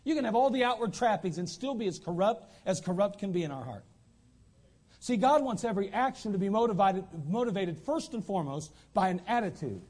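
A man preaches in a church sanctuary, his voice pitched high for a man. He drives his points home emphatically, repeating lines for stress. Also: expressive, brisk, a little mellow. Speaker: pastor. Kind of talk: sermon.

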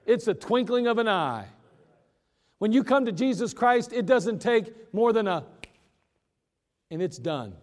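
A man preaching a sermon in a folksy, joking way, slowing down for emphasis. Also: sits high, sing-song, big-room sound. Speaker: pastor.

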